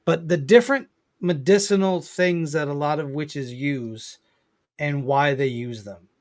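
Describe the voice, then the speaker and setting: An enthusiastic man chatting as a podcast guest, repeating his points with plenty of feeling. His voice sits a little high for a man. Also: unhurried. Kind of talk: casual podcast chat.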